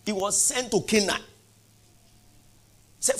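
A male pastor preaching a sermon, asking the congregation questions and building to loud, emphatic peaks. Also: high voice, sing-song, normal speed, long pauses.

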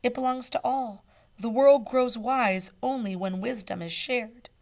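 A woman voicing a kind, wise male caliph in a read-aloud storybook, speaking in a hushed, courteous way. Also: on the high side, unhurried, pitched above the performer's own voice. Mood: warm. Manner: hushed, gentle, courteous speech.

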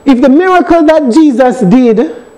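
A man's voice: very high-pitched, animated, a little slow, warm tone, low-quality recording. A man with a Jamaican accent, an elder teaching a Bible study and driving his points home with emphatic repetition. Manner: emphatic, repeats phrases.

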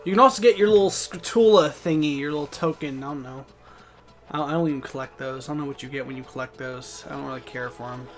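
A young man hosting a let's play, talking casually and swearing loudly at the game. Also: medium pitch, soft background music. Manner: loud, profane, quick frustrated outbursts. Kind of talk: casual gameplay commentary.

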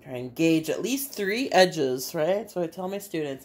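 A woman with a Bay City, Michigan accent, an artist and teacher, chats casually and thinks aloud while demonstrating a craft in her home kitchen. Her low voice has lively intonation, a normal pace, and a darkish tone, with slight background noise.

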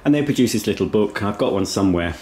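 A low-voiced man rambles through a casual home tour, chatting while he snacks. He talks into a handheld camera indoors, and a faint hiss sits under the voice. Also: lively intonation, fast talker, a little mellow. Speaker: vlogger. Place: inside a house.

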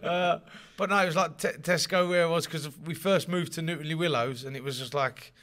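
A man chats casually in an interview. His voice is bright and sits a touch high, and he stumbles over his words, repeats himself and laughs easily. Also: fairly even intonation, brisk. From London. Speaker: interviewee, rugby league player.

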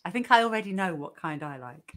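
A woman's voice: lowish voice, expressive, fast, fairly bright tone. A woman co-hosting a casual chat show, giggly and playful as she teases her co-host.

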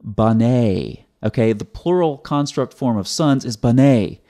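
A man's voice: medium pitch, animated, moderate pace, dark tone. A man hosting his own video, giving a teaching commentary in a sarcastic, explanatory way and often repeating words as he restarts. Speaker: host.

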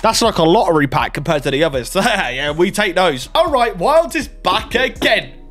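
A man's voice: sits high, big pitch swings, normal speed, fairly bright tone. A young man commentating on game pack openings, swinging between hype and groans. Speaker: gaming YouTuber. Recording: faint music underneath.

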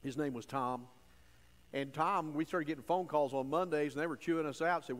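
Folksy preaching man, long church reverb. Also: normal speed. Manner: folksy, emphatic preaching that swings from low asides to loud stressed phrases. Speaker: pastor. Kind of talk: sermon. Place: church sanctuary.

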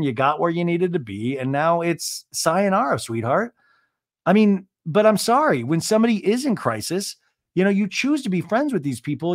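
A man with a voice on the high side hosts a podcast, delivering a casual comic recap in a sarcastic, chatty and exasperated manner. The recording is dry, with clean studio sound.

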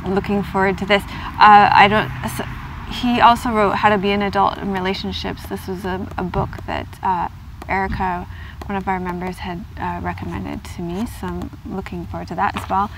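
A woman host chatting casually in her vlog as she unboxes gifts in a car, gushing and gasping with excitement. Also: medium pitch, normal speed, noisy background. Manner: gushing, excitable, gasps and squeals with delight. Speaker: yoga vlogger.

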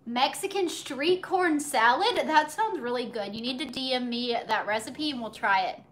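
A woman's voice: sits high, moderate pace. A young woman chatting casually to viewers while cooking live in her home kitchen, recorded on a phone on a tripod. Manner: bubbly, chatty, talks to viewers and her dog. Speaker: cooking livestream host.

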